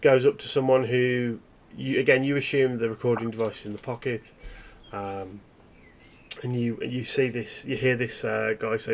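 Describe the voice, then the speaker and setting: A man running a tabletop horror game as game master, describing scenes in a relaxed, meandering way. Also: mid-range voice, moderate pace, gravelly.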